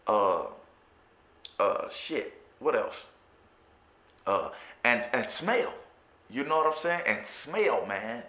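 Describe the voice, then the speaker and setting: Taking it slowly with long pauses, a man with a Chicago accent tells his own life story, his medium-pitched voice very animated and sharp in tone. He's a formerly incarcerated storyteller, candid and profane, frequently stammering and repeating himself, recorded with a roomy echo.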